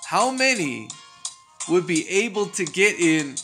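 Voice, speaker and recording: A high-pitched man riffs through a casual commentary, cursing and sounding exasperated as he rants and laughs. Faint music sits under his voice. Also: very animated, slow pace, pushed and bright. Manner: profane, exasperated ranting with laughs. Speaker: boxing news commentator.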